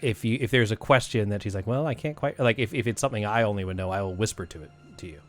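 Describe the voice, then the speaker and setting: A man running a tabletop game as game master, relaxed, with frequent fillers. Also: fairly low pitch, racing.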